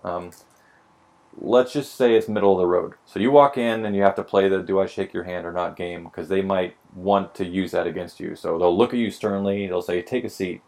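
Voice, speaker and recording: A man with a low, gravelly voice holds forth in casual podcast chat, swearing freely and slipping into mock dialogue. He sounds a little tipsy and wry. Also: steady tone, fairly quick, darkish tone. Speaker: podcast co-host explaining police hiring.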